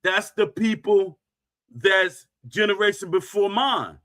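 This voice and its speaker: Speaking slowly in a high, pushed, bright voice, a middle-aged man hosts a stream and rants at his audience. He hammers his points through repetition and emphasis, capping claims with "Facts."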